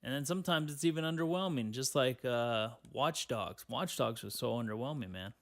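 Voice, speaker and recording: A man's voice: mid-range voice, normal speed, a bit bright. A young man hosting a casual solo podcast, reading headlines aloud and answering them with profane, rambling, sarcastic comments. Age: young adult. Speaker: podcast host.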